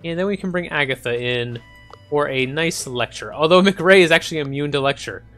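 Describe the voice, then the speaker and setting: A fairly high-voiced man talks through his gameplay in a relaxed, rambling way. His pitch moves around animatedly as he thinks aloud, with faint game music underneath. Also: fairly quick. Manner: thinks aloud, chuckling, many ums and uhs. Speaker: gaming channel host. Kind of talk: casual let's-play commentary.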